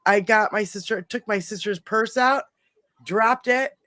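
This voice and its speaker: A middle-aged woman hosting a podcast, telling a long story in a casual, animated way, swearing freely and rambling. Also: medium pitch, measured pace, dry recording, faint music behind. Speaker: podcast host.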